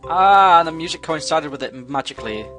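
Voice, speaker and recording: Excitable gamer talking to himself, bright and punchy, faint music under him. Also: male voice, on the high side, a little fast. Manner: excitable, talks to himself, sudden yelps. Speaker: gameplay commentator. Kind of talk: casual gameplay commentary.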